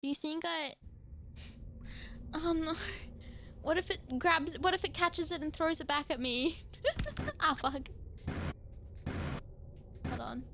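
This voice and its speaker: Brief: young Australian woman gamer, high bright voice, unhurried chatter, swears freely and shrieks when startled. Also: steady tone, vocal fry, slight background noise. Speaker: streamer. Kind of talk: casual gaming commentary.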